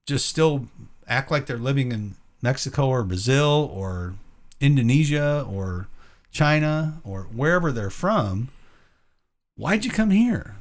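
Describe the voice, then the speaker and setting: A man co-hosting a Christian talk show, rambling through opinions and tagging points with rhetorical questions. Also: mid-range voice. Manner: rambling, rhetorical "right?" tags. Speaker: podcast co-host. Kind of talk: conversational Christian commentary.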